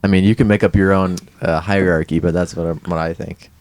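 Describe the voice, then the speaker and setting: A man co-hosting a podcast in casual comedic chat, halting and thinking aloud with many fillers. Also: low voice, steady tone, a little mellow, dry recording. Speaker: podcast co-host.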